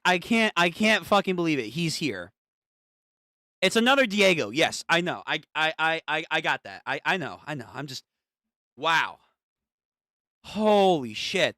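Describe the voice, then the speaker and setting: A young streamer reacting live to a manga, excitable and profane, often stammering and repeating words. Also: medium pitch, no room sound, clean studio sound. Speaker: streamer reading a manga aloud.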